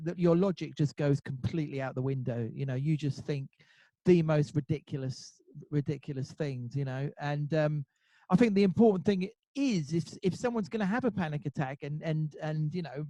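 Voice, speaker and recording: A man's voice: on the high side, brisk, dark tone, no room sound. A man interviewing a guest, talking hesitantly with many restarts and fillers. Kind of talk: casual interview talk.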